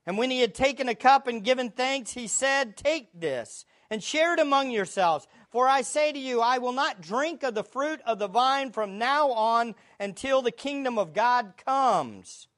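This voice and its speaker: Woman, preacher, sermon, earnest, emphatic, rhetorical questions, slightly high voice. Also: expressive, moderate pace, fairly bright tone.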